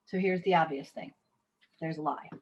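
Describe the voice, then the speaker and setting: A woman's voice: deep voice, moderate pace, a little mellow, dull audio. Woman leading an online workshop. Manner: conversational, reads audience chat aloud. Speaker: workshop facilitator. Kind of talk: live online workshop talk.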